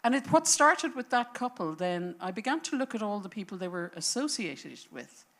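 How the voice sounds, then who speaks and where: A woman speaking on a panel, telling a history as a story in an animated, thinking-aloud way. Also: mid-range voice, moderate pace. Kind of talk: conversational panel talk. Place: lecture panel before an audience.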